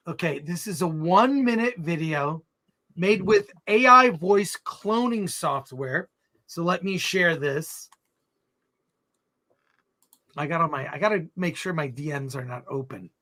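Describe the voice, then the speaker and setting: Bright, high-voiced male livestream co-host. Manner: jokey, reads memes aloud. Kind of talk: livestream chat.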